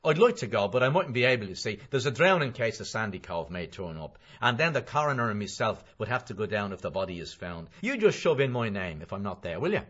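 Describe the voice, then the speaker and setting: A man's voice: lowish voice, big pitch swings, fast talker, hardly any pauses, fairly bright tone, slightly rough, pitched above the performer's own voice, exaggerated voice. A man reading an audiobook voices a hearty, chatty middle-aged man in an eager, emphatic, raised voice. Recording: dull lo-fi audiobook recording.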